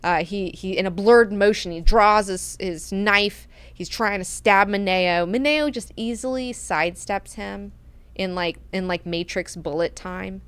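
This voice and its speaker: A woman recaps a novel for her book club in an animated, slangy way, swearing freely. Her voice sits at a middling pitch. The recording is dry and close. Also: measured pace, clean tone, no room sound.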